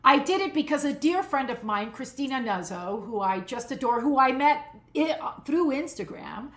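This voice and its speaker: Woman, 60s, bright higher voice, animated storyteller guest, roomy echo. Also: normal speed. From United States, Cuban community. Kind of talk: casual interview chat.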